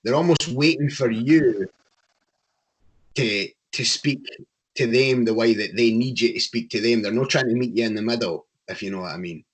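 A Scottish man in casual chat, animated and opinionated, with a passionate way of talking. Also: medium pitch, normal speed, breathy edge. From Scotland.

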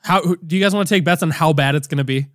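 A man with a fairly high voice chimes in on a casual podcast, cracking crude jokes. The sound is dry and close-miked. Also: racing, no echo. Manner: joking, crude interjections. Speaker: podcast co-host.

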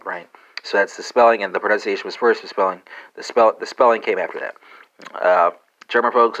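A man's voice: low voice, fairly bright tone, lo-fi sound. A man hosting a language-learning podcast, spelling conjugations letter by letter with frequent "uh" and a questioning "right?".

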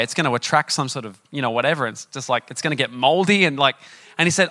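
A young man preaching a sermon, telling a story in a chatty, animated way with many fillers. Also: fairly high pitch, fast.

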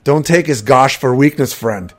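A man voicing a gruff, impatient male Nord warrior in a fantasy audiobook, snapping his lines. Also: normal speed, close to an everyday voice. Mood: wry. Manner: barks his lines louder and higher than the narration. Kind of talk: audiobook character voice.

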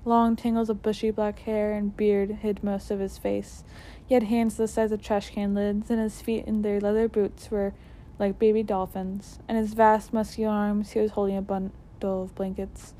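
A woman's voice: mid-range voice, level tone, moderate pace, warm tone, slight background noise. A woman reading a storybook aloud, sometimes tripping over words and correcting herself.

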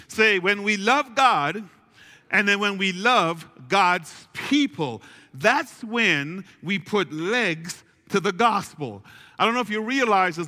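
A male pastor delivers a sermon in a bright, high voice. He leans on repetition and slow, emphatic phrasing and calls for the congregation to answer. The sound carries a long reverb, as in a large church sanctuary. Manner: preaching with call-and-response, slow emphatic repetition.

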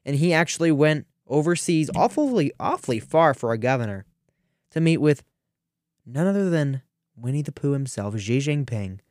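A man's voice: a little high, moderate pace, no room sound, studio quality. Teenage man hosting a sarcastic political rant. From Ohio, US. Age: teens. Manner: animated, sarcastic, with frequent restarts. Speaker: radio show host.

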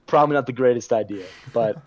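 A young man with a medium-pitched voice talks quickly while co-hosting a podcast, swearing a lot as he tells a rambling party story in casual chat. The recording sounds muffled and dry.

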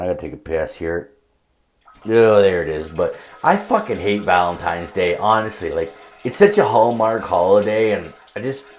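A young man podcasting alone, telling rambling stories with constant swearing and filler words. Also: fairly low pitch. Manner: profane, filler-heavy, storytelling. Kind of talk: casual rambling monologue.

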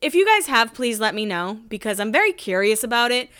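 Still recovering from a cold, a thirtysomething podcast host recaps things casually, giggling now and then. She speaks briskly in a bright, forceful, fairly high voice with big pitch swings, captured in a clean studio with no echo.

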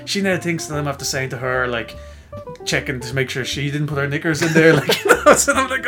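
Soft music sits behind this fast-talking podcast co-host, whose voice is mid-range. Chatting casually, he recounts a self-deprecating story with lots of energy, imitating the voices of the people he quotes.

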